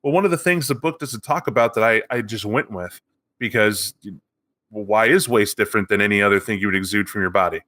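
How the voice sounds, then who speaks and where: A man's voice: on the low side, a little fast, pushed and bright. A man co-hosting a podcast, telling a tabletop game story in a casual chat and acting out the characters. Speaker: podcast co-host.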